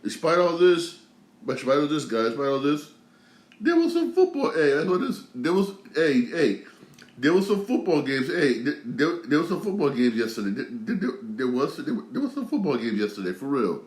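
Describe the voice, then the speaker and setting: A man's voice: fairly high pitch, sing-song, moderate pace. Male host in his 30s, fired-up casual rant full of repeats; echoey room. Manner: repetitive, heated, slangy, many restarts. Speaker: show host.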